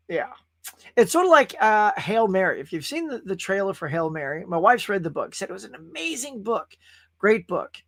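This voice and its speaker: A man's voice: sits high, fairly bright tone, no echo. Man, host, casual live-stream chat, rambling and chatty, dry close sound. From California. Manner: rambling, chatty, reads viewer chat aloud. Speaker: podcast host.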